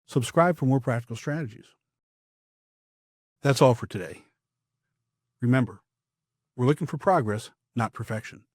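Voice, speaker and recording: A man coaching public speaking in a scripted podcast, with a measured, emphatic delivery and firm downward endings. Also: medium pitch, animated, no room sound, clean studio sound.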